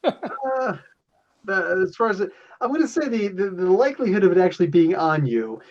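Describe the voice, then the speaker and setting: A man's voice: high-pitched, big pitch swings, normal speed. A man acting as game master, explaining the rules loosely and laughing often. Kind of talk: running a tabletop game. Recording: dull lo-fi sound.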